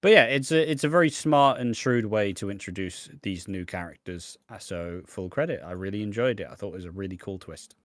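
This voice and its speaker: A man's voice: on the low side, a little fast, hardly any pauses, no room sound, studio quality. A man co-hosting a casual podcast, chatting and acting out scenes in other voices. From Britain. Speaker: podcast co-host. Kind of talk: casual chat.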